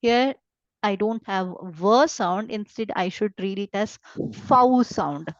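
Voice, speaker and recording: Slow patient Indian woman teaching German. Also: medium pitch, no room sound. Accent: Indian English. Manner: patient, repeats each word slowly. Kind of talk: slow online language lesson. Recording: dull lo-fi dry sound.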